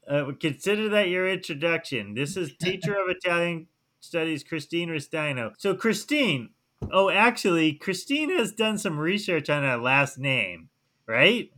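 A man hosting a podcast from a shed, loud and jokey, rambling through stories in casual banter. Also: on the high side, very animated, a little slow. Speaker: podcast host.

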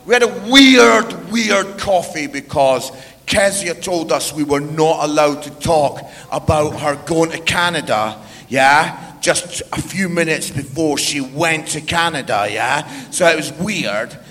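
A man's voice: a little high, a little slow, in a large hall. A middle-aged Scottish man preaching with humor, telling a family story and checking in with the crowd with "yeah?". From Scotland. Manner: animated, tags lines with "yeah?".

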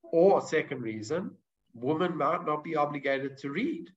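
High-voiced man teaching a Talmud class. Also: animated, measured pace, dull audio. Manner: explains step by step, mixes Hebrew terms into English, frequent restarts. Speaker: Torah teacher.

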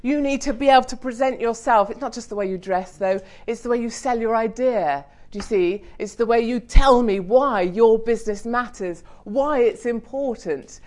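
A middle-aged British woman speaking on a business panel, blunt and humorous, growing more animated as she urges the audience on. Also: a little high. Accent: British English. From United Kingdom. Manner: blunt, energetic, humorous, mildly swearing. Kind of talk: lively panel talk to an audience.

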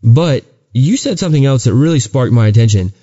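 A man's voice: medium pitch, expressive, fairly quick, warm tone, breathy edge, dull audio. A man co-hosting a podcast, telling a story of his faith in an earnest, casual way, often stumbling and restarting. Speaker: podcast co-host. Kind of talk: casual chat and testimony.

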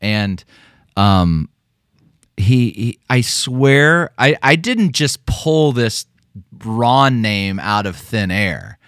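A man's voice: mid-range voice, very animated, very slow, a bit bright, dry recording, studio quality. A man co-hosting a casual podcast, telling stories full of fillers and restarts. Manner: rambling storytelling with many fillers and restarts. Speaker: podcast co-host.

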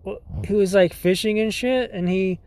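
High, mellow-voiced man, rambling laid-back podcast host, cusses a lot. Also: moderate pace, no echo. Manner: rambling, full of likes, dudes and swearing; laughs often. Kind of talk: casual storytelling.

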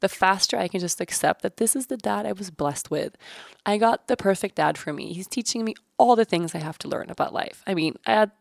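A woman's voice: medium pitch, animated, fairly quick, gravelly, no room sound, studio quality. A woman in her thirties hosting a podcast, talking candidly about her family, swearing casually and often laughing. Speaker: podcast host. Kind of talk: personal reflective podcast monologue.

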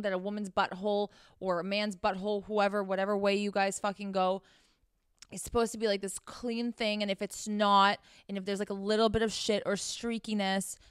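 A young woman talks in a frank, casual monologue as host, blunt and full of swearing, addressing her listeners directly. Her voice is smooth and clear at a middle pitch, recorded close and dry with no room sound. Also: no echo. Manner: blunt and profane, talks straight to the audience.

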